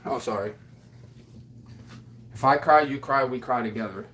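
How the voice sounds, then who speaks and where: A man's voice: medium pitch, moderate pace, a bit bright. A man chatting casually on his livestream, rambling and affectionate, with lots of fillers as he answers viewers. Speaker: livestream host.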